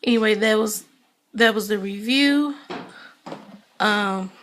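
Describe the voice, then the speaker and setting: Woman, young adult, vlogger, casual TV review, blunt, chatty, lots of ums, mid pitch. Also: slow pace, fairly bright tone. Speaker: TV show reviewer.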